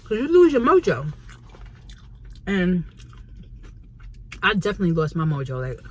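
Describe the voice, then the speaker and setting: A woman's voice: fairly low pitch, a bit bright. A woman from New York with a New York accent, telling a story in a casual, slangy and blunt way for her vlog from a restaurant. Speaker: vlogger. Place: Chinese restaurant, indoors.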